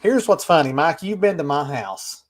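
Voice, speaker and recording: Man, folksy, laid-back, slightly high voice, casual storytelling. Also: big pitch swings, normal speed. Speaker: podcast co-host.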